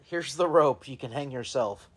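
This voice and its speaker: A man's voice: medium pitch, moderate pace, breathy edge. Dry-joking man podcast co-host. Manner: dry, ribbing jokes. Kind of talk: casual podcast chat.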